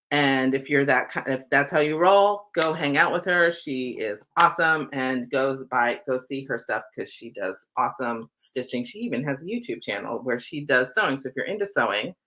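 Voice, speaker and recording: A woman's voice: extremely low pitch, bright, forceful tone. A middle-aged woman and spiritual life coach, chatting casually to camera in a rambling, affectionate way and often saying "y'all".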